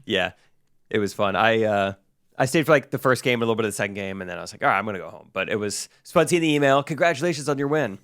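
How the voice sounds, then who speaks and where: A young man, a podcast co-host, casually telling a story and acting out the people he quotes in a higher voice. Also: racing. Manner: animated, acts out quoted voices in a higher pitch.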